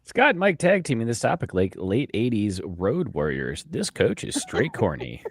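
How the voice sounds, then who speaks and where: A man reading listener comments in a put-on deep, gravelly announcer voice. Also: huge pitch swings, moderate pace, no echo, exaggerated voice. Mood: deadpan.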